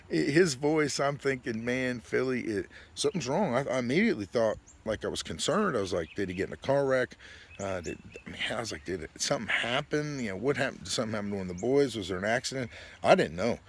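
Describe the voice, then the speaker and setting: A man, hosting and telling a funny story in a casual way, acting out his friends' lines in a raised, excited voice and laughing often. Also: medium pitch, breathy edge. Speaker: podcast host.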